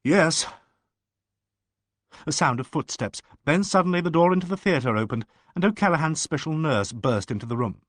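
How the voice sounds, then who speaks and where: A man reading a mystery audiobook aloud in an expressive, animated narration. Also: fairly high pitch, a little fast, few pauses, dry recording, clean studio sound.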